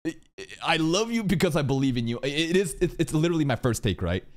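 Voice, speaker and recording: A man casually reacting to an anime episode, excitable, restarting his sentences, swearing and laughing often. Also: fairly high pitch, quick pace.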